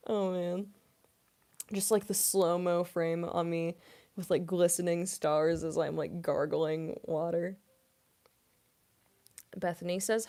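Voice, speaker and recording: A woman's voice: on the low side, fairly even intonation, takes it slowly, pauses often, warm tone. A young adult woman, a voice actress, chatting casually on a live-stream Q&A, giggly and full of "like" fillers.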